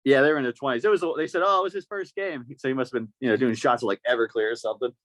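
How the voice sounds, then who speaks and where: A man hosting a podcast, telling a story in a casual, animated way and acting out the voices of the people in it. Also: mid-range voice, racing, dry recording. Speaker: podcast host.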